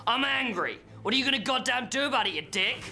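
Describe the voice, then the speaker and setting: A child actor playing a brisk, deadpan trainer who instructs a class in a sketch comedy. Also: mid-range voice, crowd noise, close to an everyday voice. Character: stern adult customer-service course trainer.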